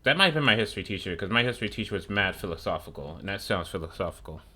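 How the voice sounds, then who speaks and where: A man's voice: sits low, big pitch swings, racing, bright, forceful tone. A young man streaming a video game, chatting in a rambling, profane, sarcastic way. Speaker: gaming streamer. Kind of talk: casual chat while gaming.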